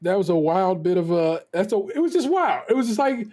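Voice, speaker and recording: Middle-aged male podcast co-host with a slightly high voice; loose, rambling storyteller, frequent restarts. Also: big pitch swings, brisk, warm tone. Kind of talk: casual podcast chat.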